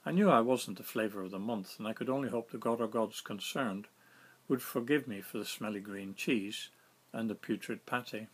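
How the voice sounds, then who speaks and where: A man reading his own story aloud in a wry, self-mocking, lively way. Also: lowish voice, moderate pace, slightly rough. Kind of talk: storytelling narration.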